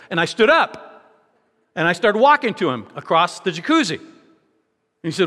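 A high, lively male preacher who tells his story with rhetorical questions. His tone is bright and forceful, and it rings through a long-reverb hall. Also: normal speed, pauses often. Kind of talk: sermon with a personal story.

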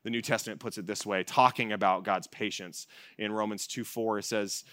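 Man preaching with hushed, emphatic swings. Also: fairly low pitch, steady tone, a little fast, no room sound, clean studio sound. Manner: swings from loud emphatic repetition to hushed soft delivery. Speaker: pastor. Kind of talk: sermon. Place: evening church service.

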